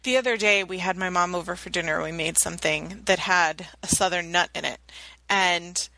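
A woman's voice: on the low side, normal speed, vocal fry, sharp tone, dry recording, rough recording. A woman co-hosting a podcast in a playful, teasing casual chat, laughing often. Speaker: podcast co-host.

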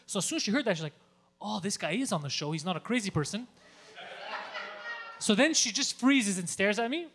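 A Greek man, a stand-up comedian, telling a story in casual chat, animated and profane, acting out shouted lines. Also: high-pitched, fairly quick. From Greece.

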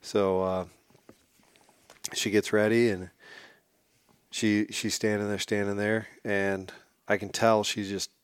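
A man as a podcast guest, telling a hunting story in a casual, animated way and acting out what people said. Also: fairly low pitch, slow pace, pauses often, clear, resonant tone, no room sound, studio quality. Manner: animated, acts out quotes.

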